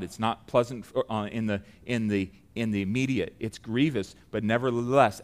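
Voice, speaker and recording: A middle-aged man preaching a sermon, earnest and building to loud emphatic peaks. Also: lowish voice.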